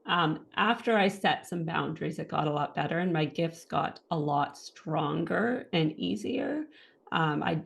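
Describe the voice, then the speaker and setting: A woman in her thirties, a guest in an interview, telling her own story in lively fashion and acting out what others said and thought. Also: fairly low pitch, gravelly. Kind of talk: personal testimony in an interview.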